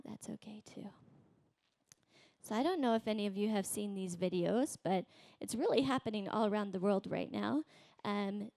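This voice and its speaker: A woman in her thirties preaching a sermon in a conversational way, tagging her points with a quick "right?" and acting out quoted voices. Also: creaky, mellow, dry recording. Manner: acts out voices in quotes, rising high. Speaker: pastor.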